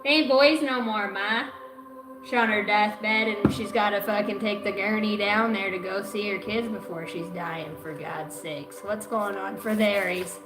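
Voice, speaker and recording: A woman's voice: mid-range voice, steady tone, moderate pace, few pauses, reverberant, music in the background, poor audio. A woman giving a zodiac card reading on a livestream, cursing a lot and rambling from joke to joke. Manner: profane, rambling and jokey. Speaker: astrology card reader.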